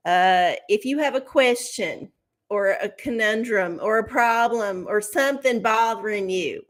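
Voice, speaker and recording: A woman's voice: medium pitch, fairly bright tone. A woman hosting a live tarot stream, chatting casually with her viewers, swearing freely and laughing often, from her home setup under studio lights. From Texas.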